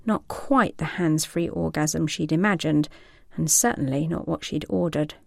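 Woman narrator with a low voice for an adult audio story. Slow and sensual, with a dry close sound. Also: vocal fry, no echo. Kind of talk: scripted erotic story narration.

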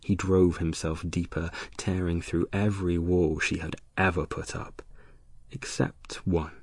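Deep husky guy reading a story real slow, dry close sound. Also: little pitch movement, a little mellow, no echo. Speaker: narrator. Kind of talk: audiobook narration of erotic fiction.

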